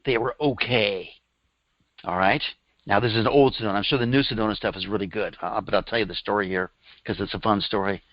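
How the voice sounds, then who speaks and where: A man's voice: fairly low pitch, steady tone, fast, dry recording. A middle-aged man leading a live workshop, telling stories in a chatty way and laughing at them. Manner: chatty storytelling, laughs at his own stories. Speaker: workshop teacher. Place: room with a live audience. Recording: dull dry lo-fi recording.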